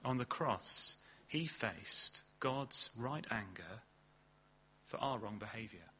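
A man preaching a sermon in earnest, leaning hard on key words and then dropping low and slow. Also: lively intonation, sharp tone, husky. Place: church hall.

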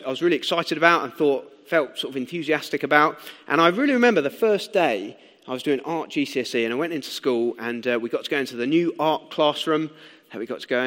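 A young man preaching a sermon in a conversational, animated way, asking the listeners questions as he explains and tells stories. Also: fairly high pitch. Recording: long hall reverb.

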